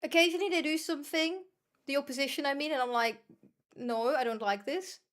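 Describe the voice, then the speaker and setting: A young Dutch woman streams her gameplay, commentating in a high-pitched voice at a fairly quick clip. Chatty and self-deprecating, she swears freely and rambles on to her viewers.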